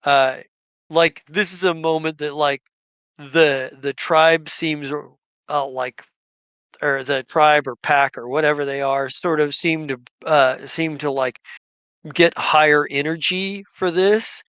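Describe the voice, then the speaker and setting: A man's voice: on the high side, steady tone, takes it slowly, a bit bright, clean tone, no echo. A man narrating a tabletop game as game master, hesitant and full of restarts. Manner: hesitant, many fillers and restarts.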